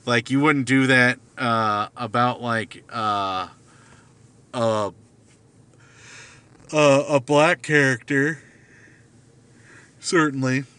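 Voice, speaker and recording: Slow, rambling man with a bright, clear voice. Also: mid-range voice. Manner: hesitant, many fillers and restarts. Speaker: vlogger. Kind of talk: rambling casual monologue. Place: car at night.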